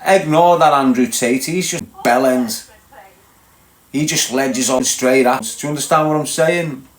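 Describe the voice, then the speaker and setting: In a mid-range voice and at a slightly slow pace, a Liverpudlian livestream host rants casually to his live viewers. He lectures bluntly, checks again and again whether they understand, and the recording has an echoey room sound.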